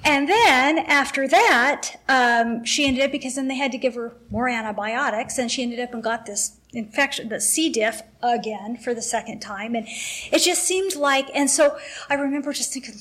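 A woman's voice: high-pitched, a little slow. A middle-aged woman sharing an emotional, rambling personal testimony with a faith group, acting out the dialogue as she tells it.

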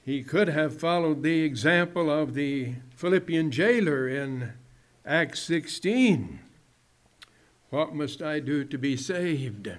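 A man preaching a sermon in a measured way, dropping low and soft at the ends of phrases.

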